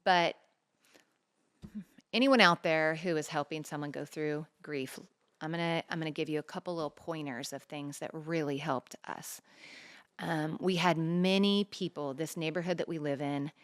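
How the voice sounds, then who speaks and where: A woman's voice: sits low, moderate pace, long pauses, clean tone. A middle-aged woman co-hosting a talk show, telling a personal story earnestly and acting out the dialogue as she goes. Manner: earnest, animated retelling with quoted dialogue. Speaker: podcast co-host. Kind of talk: personal storytelling, casual chat.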